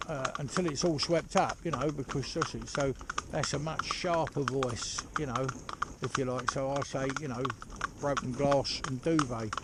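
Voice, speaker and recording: A horse trainer talking casually outdoors while driving a pony cart, rambling and chatty with lots of "you know". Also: male voice, medium pitch, normal speed. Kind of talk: casual spoken instruction while driving ponies. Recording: loud hoof clatter and outdoor noise.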